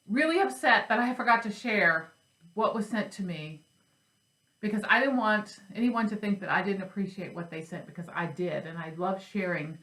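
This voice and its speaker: In a low-quality, roomy recording, a woman with a mid-range, fairly bright voice hosts a flosstube. She chats casually from home about cross stitch and craft supplies, rambling on and making self-deprecating jokes.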